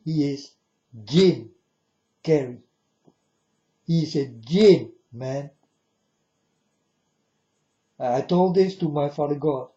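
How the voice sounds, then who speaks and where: A man's voice: on the high side, mellow. A man speaking to his viewers in a solemn monologue, delivering warnings and often calling them "folks". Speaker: video blogger. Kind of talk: monologue to camera. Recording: dull lo-fi recording.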